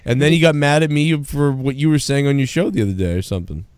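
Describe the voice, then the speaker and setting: A man's voice: mid-range voice, fast, darkish tone, no room sound. A man co-hosting a podcast, trading crude, profane banter and laughing often.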